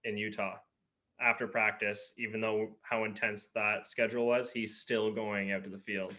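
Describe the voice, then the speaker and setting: A man, a pro lacrosse player, speaking as a low-key, matter-of-fact podcast guest. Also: flat delivery, moderate pace, pushed and bright. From Peterborough, Canada. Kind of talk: casual podcast chat. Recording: dull lo-fi audio.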